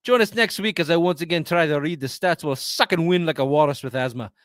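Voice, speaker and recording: A man putting on a wobbly mock Scottish accent to voice a crude, foul-mouthed sports ranter in a loud comic rant. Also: on the high side, fast, no room sound, studio quality, natural voice. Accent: mock Scottish, drifting Irish and French.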